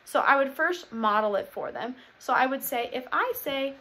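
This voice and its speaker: A young woman who teaches preschool talks other teachers through her classroom routines in an upbeat, explanatory way. Her voice sits a little high for a woman, and she breaks into short, bright call-and-response chants to show how each one goes. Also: expressive, normal speed, few pauses. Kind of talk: instructional talk to teachers.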